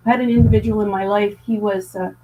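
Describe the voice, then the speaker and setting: A woman's voice: mid-range voice, steady tone, fast talker, mellow, a little hiss or hum, low-quality recording. A woman from Canada, a guest author and speaker, talks in an earnest, conversational way as she tells a story, often stumbling over and repeating words.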